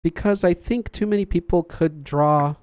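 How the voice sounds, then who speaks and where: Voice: mid-range voice, normal speed, darkish tone, smooth, no echo. A podcast host chatting casually on a livestream, reading viewer comments aloud, laughing often and joking about their own slips.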